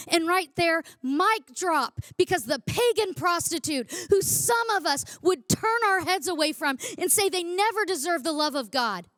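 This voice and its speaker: A woman's voice: very high voice, animated, unhurried, hardly any pauses, fairly bright tone, dry recording, studio quality. A woman preaching a sermon, emphatic and fond of repeating phrases for effect.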